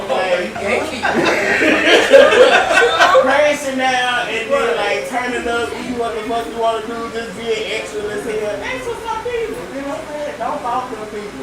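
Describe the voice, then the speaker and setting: Animated high-voiced man doing stand-up. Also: normal speed, very noisy. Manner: profane, animated storytelling with frequent laughs. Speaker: stand-up comedian. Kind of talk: stand-up comedy set. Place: live comedy venue with audience. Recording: echoey live room, distant mic, loud crowd. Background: audience laughter.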